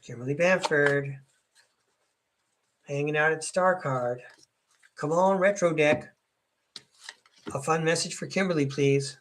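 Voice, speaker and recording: A man's voice: a little high, slow pace, long pauses, fairly bright tone, a little hiss or hum. A middle-aged man giving a chatty, upbeat live tarot reading and speaking to viewers by name. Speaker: tarot reader hosting a live stream.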